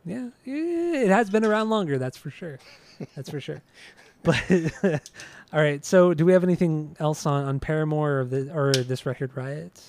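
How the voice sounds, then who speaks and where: Chill young guy hosting a podcast, slightly high voice, teasing and chuckling. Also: normal speed, a little mellow, slight background noise. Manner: laid-back, teasing, chuckling. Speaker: podcast host. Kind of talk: casual chat.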